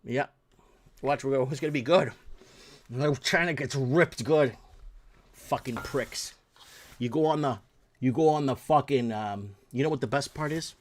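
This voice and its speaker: A man's voice: medium pitch, unhurried, long pauses. A man hosting his own talk show, ranting in solo commentary, blunt and profane and often repeating himself.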